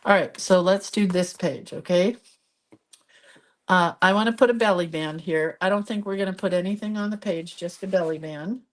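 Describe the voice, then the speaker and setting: A middle-aged woman in a relaxed, rambling live craft stream. She talks her way through each page she shows. Now and then she breaks off to answer viewers by name. Her voice sits a little low for a woman. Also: moderate pace. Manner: chatty, rambling, reads viewer comments aloud. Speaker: craft video host. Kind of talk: casual live crafting chat.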